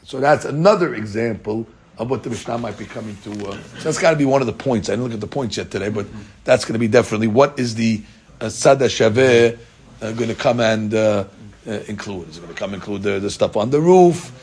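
A man's voice: lowish voice, fast, a little mellow. A man teaching a daily Talmud class, reading out Aramaic text and explaining it in casual English with rhetorical questions and many fillers.

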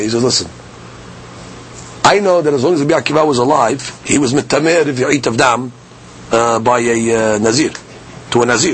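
Man, Talmud teacher, high voice, explains line by line, faint background noise. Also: a bit bright. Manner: explains Aramaic text line by line in English, asks "okay? right?". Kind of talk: daily Talmud class.

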